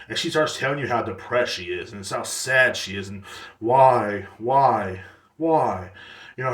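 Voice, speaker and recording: A man's voice: mid-range voice, a bit bright, roomy sound, distant mic. A man hosting a podcast alone, rambling casually with blunt profanity and slang. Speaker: podcast host. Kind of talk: casual solo rant.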